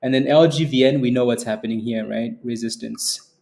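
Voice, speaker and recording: This young man running a stock trading livestream talks fairly quickly with a medium-pitched, creaky, darkish voice and fairly even intonation. Reading through the chat, he keeps things casual, ribbing viewers, laughing a lot and repeating phrases.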